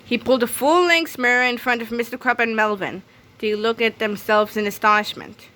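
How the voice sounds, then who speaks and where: Brief: woman narrator for a children's read-aloud, lively, bright tone. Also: a little high, a little fast. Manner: lively storytelling.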